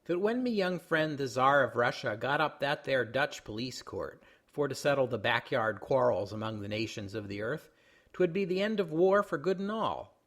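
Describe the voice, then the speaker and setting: A man's voice: medium pitch, animated, moderate pace, fairly bright tone, natural voice. A man reading aloud a period humor column as a wry, mocking older Irish barkeep, in a plain voice without a brogue. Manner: read straight, without a brogue.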